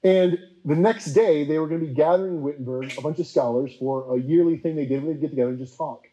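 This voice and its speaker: A man preacher giving a casual, chatty history talk, full of fillers and quickly acted-out quotes. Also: fairly high pitch, warm tone, low-quality recording.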